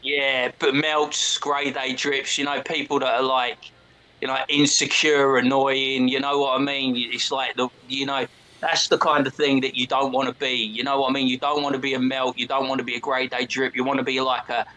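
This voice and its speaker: A man's voice: mid-range voice, little pitch movement, normal speed, sharp tone, low-quality recording. A young English man chatting casually and bantering, often slipping into mocking impressions. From England. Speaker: co-host. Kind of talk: casual chat.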